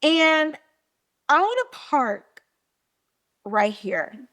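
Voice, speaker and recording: A woman's voice: high voice, extremely slow. A woman hosting a podcast, giving a casual recap of a TV episode and playfully acting out quotes from the scenes. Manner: animated, acts out quotes with playful put-on voices. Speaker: podcast host.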